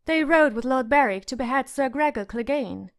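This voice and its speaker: A woman's voice: high voice, lively intonation, moderate pace. A woman reading an audiobook, voicing a proud young noble girl who talks in a haughty, airy manner.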